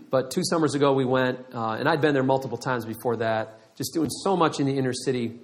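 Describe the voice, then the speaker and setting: A middle-aged man preaching a sermon, telling a story with lively acted-out quotes. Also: medium pitch, a little fast. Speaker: pastor.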